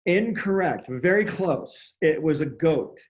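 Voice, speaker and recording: A man's voice: a little high, lively intonation, slow. A man hosting a casual chat, playfully quizzing his guest with trivia questions. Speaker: host.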